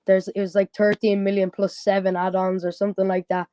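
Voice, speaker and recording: A man's voice: high voice, monotone, brisk, dark tone, clean tone, no echo. A young man from Dublin with a Dublin Irish accent, calling a fan phone-in, easygoing and upbeat with lots of 'like'. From Dublin, Ireland. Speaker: caller. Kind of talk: casual phone-in chat.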